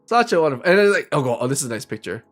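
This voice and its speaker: A man's voice: fairly high pitch, sing-song, very fast, faint music behind. A man chatting casually and rambling with viewers on a live stream, laughing often. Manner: rambling, giggly, talks to viewers.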